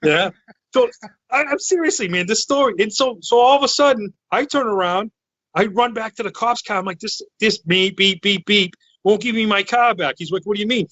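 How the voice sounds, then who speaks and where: Man, thirties, from Massachusetts, loud rambling storyteller, forceful bright voice, dry dull lo-fi sound. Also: high voice, brisk, no echo. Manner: loud, excitable, rambling with restarts. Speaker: podcast co-host. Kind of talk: casual storytelling chat.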